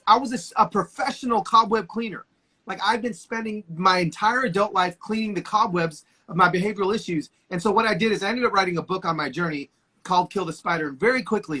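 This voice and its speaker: A man's voice: high-pitched, bright, forceful tone, slightly rough. A man in his forties, a guest on a video call, telling stories with passionate, preacher-like energy. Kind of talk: casual conversation.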